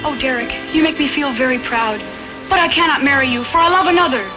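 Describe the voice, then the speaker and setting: Une actrice jouant une adolescente rusée et entichée. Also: female voice, sits high, fast talker, music in the background, close to an everyday voice. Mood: gushing.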